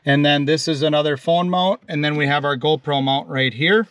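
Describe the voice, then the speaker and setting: Enthusiastic male off-roader, slightly higher voice, smooth and crisp, dry close sound; casual walkaround patter. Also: fairly even intonation, normal speed, fairly bright tone, dry recording. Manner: enthusiastic, rambling with restarts and fillers. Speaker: off-road vlogger showing his jeep build. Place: outdoors and inside a jeep in a shop area.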